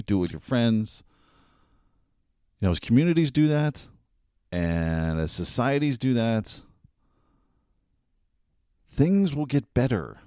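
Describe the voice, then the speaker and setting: A man's voice: mid-range voice, sing-song, takes it slowly, long pauses, dark tone, no room sound, studio quality. A male podcast host giving earnest, casual commentary with fillers and some laughs.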